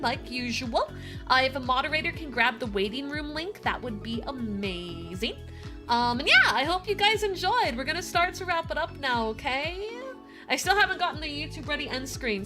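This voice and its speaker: A woman's voice: high voice, pushed and bright. A young woman game streamer, reading a visual novel aloud and chatting casually with her viewers, swearing freely. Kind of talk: casual live-stream chat and story reading. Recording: music playing behind the voice. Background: background music.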